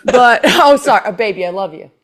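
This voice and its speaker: A woman telling a story on a podcast, animated, acting out quotes and swearing freely. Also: medium pitch, fairly quick. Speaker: podcast guest. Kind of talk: casual chat.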